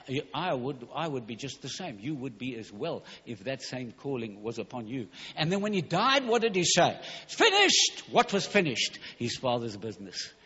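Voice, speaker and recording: Male preacher, husky voice, emphatic and rushed, dull hall recording. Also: fairly high pitch, fairly bright tone. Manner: fervent, emphatic, rushing with stumbles. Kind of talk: sermon.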